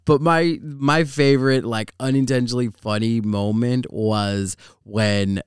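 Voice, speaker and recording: A man co-hosting a podcast, chatting loosely and swearing freely with easy laughter. His voice is smooth and clear at a middle pitch. The sound is close and dry, with no room in it. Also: steady tone, unhurried, dry recording. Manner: laid-back, profane, laughs often. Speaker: podcast co-host. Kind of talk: casual chat.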